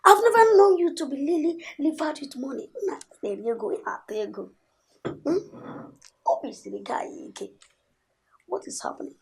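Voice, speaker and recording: Brief: a scheming young prince, high, gravelly and lively. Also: male voice, normal speed, pauses often, full character voice. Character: young adult royal son, brash and scheming. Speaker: prince, king's son. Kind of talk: film acting.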